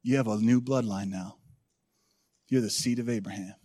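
Delivering his sermon at a normal speed with a steady tone, a middle-aged pastor moves between quiet, intimate passages and loud calls that rouse the congregation.

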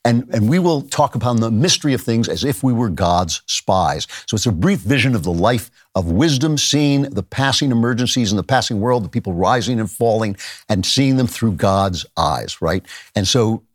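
A man hosting a podcast, giving a commentary monologue on literature, slowing down to stress his key points. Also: on the low side, lively intonation, dry recording, studio quality. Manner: reads out quoted verse in a raised voice. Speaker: podcast host.

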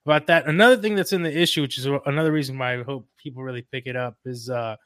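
A man guesting on a sports podcast as a writer, relaxed and easygoing, hedging with fillers. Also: mid-range voice, racing, no echo, clean studio sound. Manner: laughs easily, hedging with fillers. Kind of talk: casual podcast interview.

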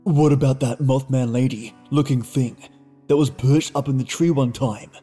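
A man voicing an easygoing, unbothered young man who speaks slowly and relaxed. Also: medium pitch, breathy edge, faint music behind, close to an everyday voice. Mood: laid-back.

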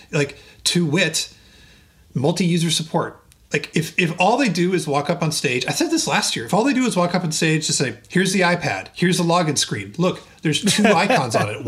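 A man co-hosting a tech podcast, animated and wry, often restarting his sentences. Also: fairly high pitch. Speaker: podcast co-host. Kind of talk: casual panel chat.

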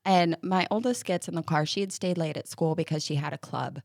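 A woman co-hosting a parenting podcast, telling stories in casual chat with an animated, laughing manner. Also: deep voice, fairly quick, no room sound, clean studio sound. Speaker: podcast co-host.

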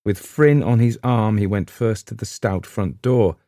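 A man reading a supernatural short story aloud in a measured, steady narration. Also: fairly low pitch, no room sound, clean studio sound. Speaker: audiobook narrator. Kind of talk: scripted narration.

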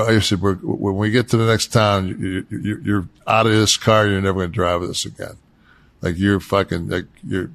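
A man's voice: lowish voice, vocal fry. A man telling rambling, profane stories from the road in casual podcast chat, with lots of restarts. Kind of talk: casual storytelling.

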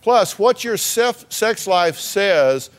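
A man with a slightly high voice hosts a daytime talk show. He talks bluntly and teases his guests as he presses them. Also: expressive, slow pace, very noisy. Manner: blunt, teasing, challenging.

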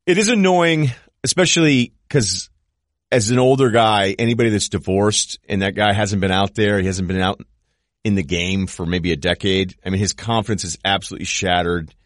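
A middle-aged man co-hosting a casual comedy podcast, animated and sarcastic, slipping into put-on voices for jokes. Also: lowish voice, moderate pace, no room sound, studio quality. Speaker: podcast co-host.

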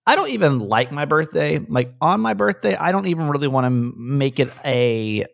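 A man's voice: fairly high pitch, expressive, normal speed, creaky, no echo, clean studio sound. A middle-aged man hosting a podcast, talking in a candid, rambling, self-deprecating way. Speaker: radio and podcast host. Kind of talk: casual conversational podcast chat.

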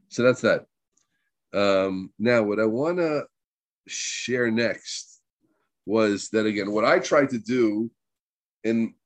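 Low-voiced New Jersey man teaching. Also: no echo. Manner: chatty, sprinkles Hebrew terms, keeps asking "right?". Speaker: Torah teacher. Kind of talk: conversational religious class.

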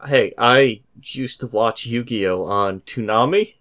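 A man's voice: mid-range voice, slow pace, a bit bright. Hesitant man reminiscing casually. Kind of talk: casual chat.

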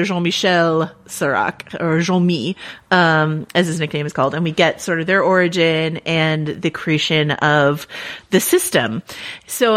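A woman co-hosting a podcast in casual chat, animated and chatty, laughing easily and restarting her sentences often. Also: on the low side. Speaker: podcast co-host.

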